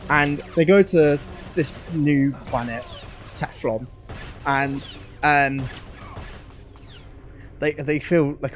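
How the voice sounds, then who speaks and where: A man streaming casually, rambling excitedly with lots of fillers and swearing as he thinks aloud. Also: a little high.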